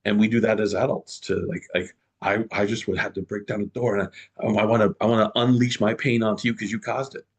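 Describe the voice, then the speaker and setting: A middle-aged man telling a story as a guest in an interview, lively and full of restarts. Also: lowish voice, fast talker, hardly any pauses, husky. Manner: animated storyteller, many restarts.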